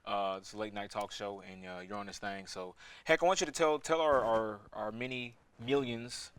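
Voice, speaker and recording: A man's voice: fairly low pitch, steady tone, normal speed, a bit bright, smooth. A young man hosting a student late-night talk show, joking and playful, often restarting his sentences. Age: young adult. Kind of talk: casual interview chat.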